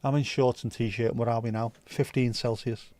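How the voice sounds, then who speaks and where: A man's voice: mid-range voice, steady tone, normal speed, darkish tone. A man hosting a casual livestream, chatting loosely, swearing and rambling as he reads viewer comments. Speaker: livestream host.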